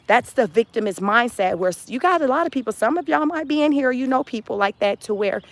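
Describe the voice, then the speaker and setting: A woman's voice: a little high, animated, fairly quick, dry recording. A woman hosting a casual motivational livestream, talking emphatically, repeating phrases and laughing often. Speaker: livestream host.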